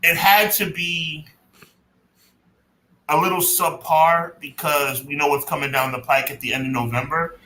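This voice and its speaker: A man co-hosting a podcast in casual chat, talking emphatically and dragging words out slowly for effect. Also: on the high side, steady tone, sharp tone. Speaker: podcast co-host. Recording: echoey room with faint noise.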